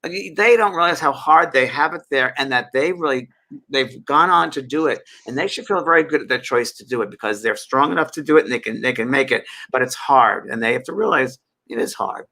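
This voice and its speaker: A man quoting a kindly elderly woman who speaks to him from the spirit world, in a gentle, reassuring storytelling tone. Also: mid-range voice, brisk, vocal fry. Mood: encouraging.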